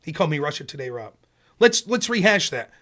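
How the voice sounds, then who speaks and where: Heated high-voiced man ranting. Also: very animated, fairly quick, fairly bright tone. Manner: heated, sarcastic, asks the audience questions. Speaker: political streamer. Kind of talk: casual ranting commentary.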